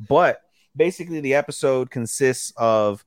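A man co-hosting a podcast, casually recapping an episode with animated delivery and quick bits of acted dialogue, swearing freely. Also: mid-range voice, dry recording, studio quality. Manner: animated recapping, acting out characters' lines in quick put-on voices, swears freely. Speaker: podcast co-host. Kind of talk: casual chat.

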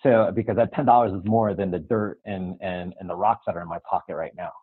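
Husky man on a tinny line. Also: sits low, fast. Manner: animated, laughs while telling. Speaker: guest. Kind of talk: storytelling in casual chat. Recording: tinny phone-like sound.

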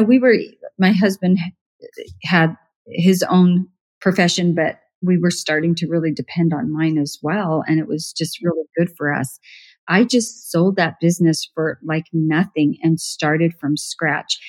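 A middle-aged woman with a lowish voice talks through her story in a relaxed interview. She is chatty and animated, slipping into the voices of people she quotes and laughing as she goes. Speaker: professional organizer, podcast guest.

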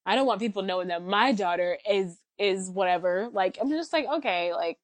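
A woman co-hosting a casual chat podcast, talking in an animated, ranting way with lots of fillers. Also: mid-range voice, brisk, dry recording, low-quality recording. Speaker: podcast co-host.

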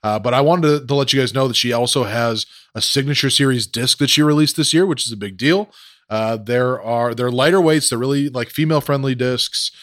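A man hosting a casual podcast, chatty and relaxed with plenty of fillers. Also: medium pitch, a little fast, no echo, studio quality. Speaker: podcast host.

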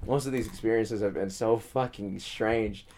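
A man's voice: on the low side, fairly even intonation, moderate pace, darkish tone, a little hiss or hum. Rambling, swearing young man. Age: young adult. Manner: rambling, swears a lot, repeats words, laughs often. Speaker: guest telling a story. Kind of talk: casual storytelling chat.

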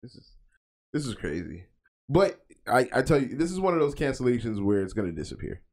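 Lively, laughing podcast co-host man. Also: medium pitch, fairly quick. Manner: animated, laughs often, mocking. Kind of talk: casual podcast banter.

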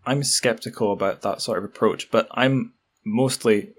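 A man's voice: on the low side, moderate pace. A man interviewing guests in a casual discussion, thoughtful and somewhat hesitant.

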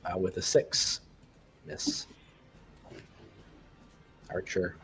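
A man narrating as game master while losing his voice, relaxed, with many fillers. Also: low-pitched, extremely slow, vocal fry, a little hiss or hum.

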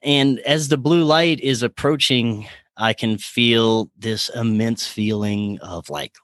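A man earnestly recounting a personal spiritual experience in conversation, halting and searching for words. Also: mid-range voice, fairly even intonation, fairly bright tone, dry recording.

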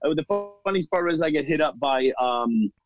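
A man's voice: on the high side, moderate pace, lo-fi sound, music in the background. A man from Florida who is a firefighter and comedian, telling stories as a podcast guest with frequent laughter. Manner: laughing, storytelling. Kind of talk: casual interview chat.

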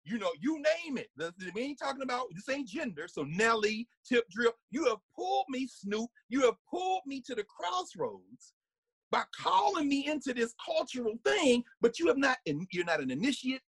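A man giving a conversational lecture, animated and laughing often, sometimes singing snippets and acting out voices. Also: extremely high pitch, moderate pace, breathy edge, dry recording.

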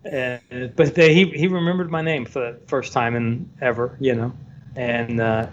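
A man working as a photographer, telling a story in a casual, animated way and acting out the voices of the people in it. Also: mid-range voice, normal speed. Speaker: photographer guest. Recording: dull lo-fi sound, faint background noise.

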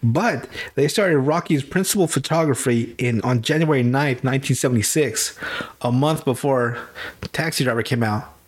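A young man hosting a podcast who casually recaps movies, rambles and swears often. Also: medium pitch. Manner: rambling, swears often, acts out characters with quick put-on voices. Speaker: podcast host.

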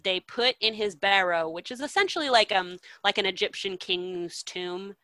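A woman casually retelling an old poem, animated and full of swearing, acting out the characters' lines as she goes. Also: mid-range voice, moderate pace, dry recording, rough recording. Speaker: storyteller.

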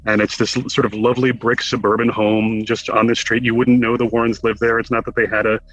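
A man from Connecticut, a guest in an interview, telling a lively anecdote with wry humor and acting out the quotes. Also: mid-range voice, fast, slight background noise, low-quality recording. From Connecticut, USA. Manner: animated storyteller who acts out quotes with wry humor. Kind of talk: casual anecdotal storytelling.

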